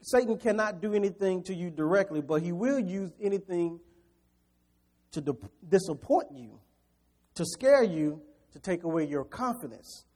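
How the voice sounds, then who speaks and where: Man, preacher, sermon, high-pitched, mellow tone, animated, direct to the congregation. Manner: animated, swings from quiet scripture reading to loud, quick preaching; chuckles between points and talks straight to the congregation.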